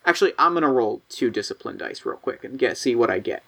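A man's voice: medium pitch, animated, quick pace, fairly bright tone. A man running a tabletop role-playing game, narrating scenes casually with lots of fillers and restarts. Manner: casual, filler-heavy, playful. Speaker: game master.

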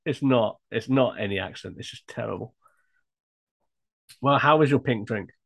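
A man's voice: mid-range voice, moderate pace, vocal fry, a bit bright. Male podcast co-host, playful teasing, frequent laughs. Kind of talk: casual banter.

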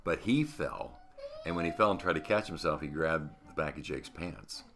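A middle-aged man, a veteran radio host, telling animated anecdotes in casual conversation and acting out other people's lines. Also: extremely low pitch, moderate pace. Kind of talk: casual storytelling.

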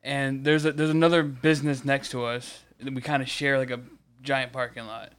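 A man's voice: medium pitch, level tone, moderate pace, a bit bright, clear, resonant tone. A man co-hosting a casual podcast, rambling and swearing as he gets worked up retelling a run-in. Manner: rambling, profane, gets heated retelling a confrontation. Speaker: podcast co-host. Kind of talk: casual chat, storytelling.

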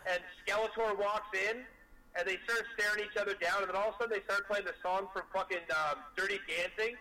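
An excitable man co-hosting a podcast in a high, bright voice. He retells funny clips eagerly and peppers them with swearing. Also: fast talker, rough recording. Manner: excitable storyteller, heavy swearing. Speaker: podcast co-host. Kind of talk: casual chat.

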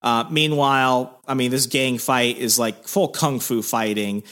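A man hosting a podcast, retelling a plot in a casual, rambling way. He fills his sentences with "like" and "um" and keeps restarting them. His voice sits at an ordinary, mid-range pitch for a man. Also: steady tone, a little slow, fairly bright tone. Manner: rambling, loose storytelling with many fillers. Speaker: podcast host. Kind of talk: casual comic recap.

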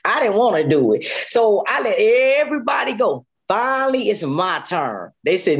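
A woman guest telling her own survival story in an interview, animated, acting out what people said and repeating phrases. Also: on the low side, moderate pace, few pauses, slightly rough. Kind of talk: emotional personal testimony.

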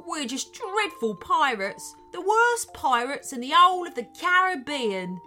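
A woman voicing a gruff, blustering male pirate captain who turns weepy, in a storybook reading. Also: high voice, very animated, slow, fairly bright tone, soft background music, pitched above the performer's own voice, exaggerated voice. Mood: wailing.

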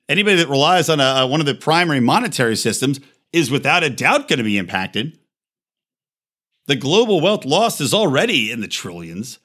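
Guy ranting on his podcast, swears a lot, gets loud and heated, mid pitch. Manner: heated, profane, emphatic. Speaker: podcast host. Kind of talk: ranting monologue.

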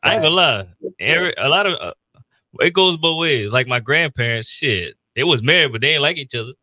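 A man's voice: fairly high pitch, lively intonation, a little fast, no room sound. A man co-hosting a casual podcast, laid-back and slangy, asking the others questions. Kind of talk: casual chat. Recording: loud background noise.

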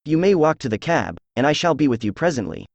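A synthesized male voice reading the lines of a confident, precise male detective in an even, measured way. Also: a little high, gravelly, no echo, exaggerated voice. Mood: calm.

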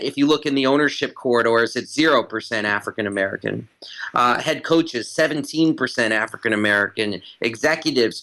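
Bright-voiced man giving sharp analysis. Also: mid-range voice, rough recording. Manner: emphatic, repeats phrases for stress. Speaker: guest commentator. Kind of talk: analytical interview talk.

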